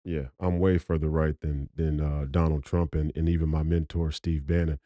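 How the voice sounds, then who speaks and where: A man's voice: very deep voice, little pitch movement, normal speed, warm tone, no room sound. A man co-hosting a podcast, talking at length in a lecturing way with many restarts. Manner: lecturing, wordy, stumbles on restarts. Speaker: podcast co-host. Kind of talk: casual podcast talk.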